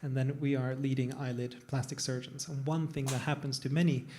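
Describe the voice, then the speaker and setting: A man's voice: medium pitch, steady tone, fairly quick, darkish tone, a little hiss or hum. A man, a plastic surgeon, talking casually on a panel to a live audience, digressive and self-deprecating. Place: event room with an audience.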